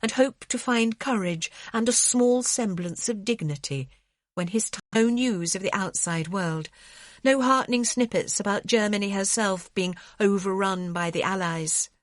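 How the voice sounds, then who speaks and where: A woman narrating an audiobook in a measured way, slowing on grave passages. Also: mid-range voice, dry recording. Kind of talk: scripted narration.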